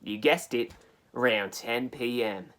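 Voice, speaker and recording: A man voicing a brash, scheming male park owner in a put-on Australian accent, gruff and ranting, for a comedy mockumentary. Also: mid-range voice, slow, fairly bright tone. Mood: conspiratorial.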